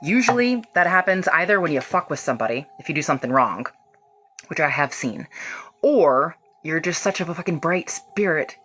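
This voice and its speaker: A woman's voice: low voice, fairly bright tone. A woman hosting a casual energy-healing livestream, effusive and affectionate with her viewers, and swearing freely as she talks. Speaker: reiki practitioner hosting a livestream.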